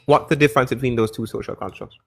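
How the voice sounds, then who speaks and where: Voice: mid-range voice, quick pace, vocal fry, slightly rough. A live-stream debate host who talks bluntly, mocks guests and interrupts often, on a close mic. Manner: blunt, mocking, interrupts a lot. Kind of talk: casual live-stream chat.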